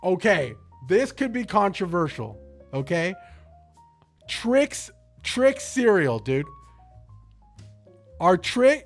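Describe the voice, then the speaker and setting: A young man streaming, chatting casually and excitably with his chat, full of slang, swearing and jokes. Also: high voice, takes it slowly, long pauses, soft background music.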